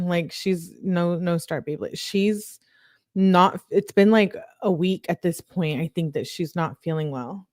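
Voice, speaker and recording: A woman reads text messages aloud in a mellow, relaxed voice. She stops often for casual, disbelieving asides to her viewers. The sound is dry and close, with no room echo. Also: lowish voice, unhurried. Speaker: true crime commentator.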